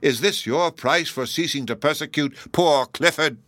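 A man reading aloud, voicing a bitter, incredulous old gentlewoman in a raised, slowed, emphatic voice. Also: medium pitch, animated, no room sound, studio quality.

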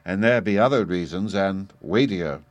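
A man's voice: lowish voice, animated, unhurried, a little mellow, no room sound, highs cut off. A man voicing a frightened young page boy who pleads in old-fashioned speech, as a character voice in an audiobook. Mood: wary.

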